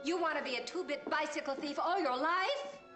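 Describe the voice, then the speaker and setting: A woman playing a brassy, high-voiced 1960s film dame. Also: moderate pace, natural voice. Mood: scornful. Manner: brassy, defiant. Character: bold, sharp-tongued 1960s film woman. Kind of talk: 1960s Hollywood film acting. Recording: old film soundtrack with music.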